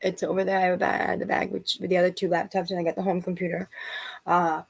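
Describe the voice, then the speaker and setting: A woman in her forties speaks in a low, gravelly voice with a husky edge. She rambles through a personal vlog, venting and often breaking off to restart her sentences. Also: flat delivery, quick pace. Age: 40s. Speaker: vlogger.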